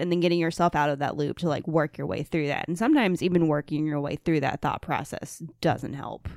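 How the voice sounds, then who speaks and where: A woman's voice: sits low, fairly even intonation, normal speed, few pauses, darkish tone, no room sound, clean studio sound. A woman co-hosting a podcast in casual chat, with wry, self-mocking humor. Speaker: podcast co-host.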